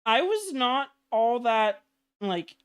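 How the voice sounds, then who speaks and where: Slow, smooth-voiced young woman chatting. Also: fairly high pitch, very animated. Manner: hesitant, many ums, soft laughs. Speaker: guest streamer. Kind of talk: casual chat on a game stream.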